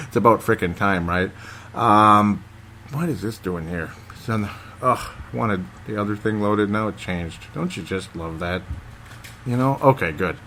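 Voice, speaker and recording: A man's voice: lowish voice, animated, unhurried, fairly bright tone, a little hiss or hum. A man hosting a casual solo podcast, rambling and chatty, laughing often and talking straight to his listeners. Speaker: podcast host.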